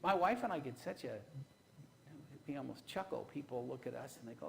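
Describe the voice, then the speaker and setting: A man's voice: mid-range voice, brisk, gravelly, slight background noise, rough recording. A man preaching a sermon, telling folksy stories from his own marriage and putting rhetorical questions to the congregation. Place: church.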